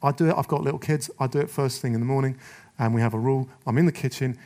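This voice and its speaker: A man's voice: mid-range voice, rapid-fire. Fiery male preacher. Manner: forceful, rallying, acts out quotes with voices. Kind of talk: sermon to men.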